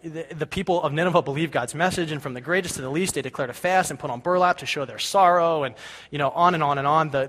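A man's voice: a little high, a bit bright. A man giving a conversational sermon as a pastor, talking casually and often checking in with his listeners. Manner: casual, keeps checking in with "right?". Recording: long hall reverb.

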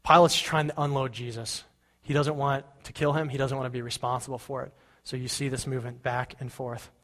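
A man's voice: medium pitch, little pitch movement, brisk, fairly bright tone. A man preaching, reading a passage and breaking off into conversational, explanatory asides. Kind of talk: sermon reading and commentary. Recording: long reverb of a large hall.

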